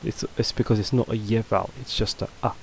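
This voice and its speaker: Low-voiced man giving a chatty lesson. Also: fairly even intonation, fast talker, slight background noise, low-quality recording. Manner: loose and chatty, with fillers and restarts. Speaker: language teacher. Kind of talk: casual video lesson on a constructed language.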